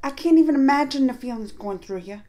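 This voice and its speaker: High-voiced woman chatting through a reaction. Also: lively intonation, fast, dark tone. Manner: chatty, rambling, with many fillers and restarts; retells scenes by acting out the characters' lines. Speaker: reaction video host. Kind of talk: casual reaction commentary.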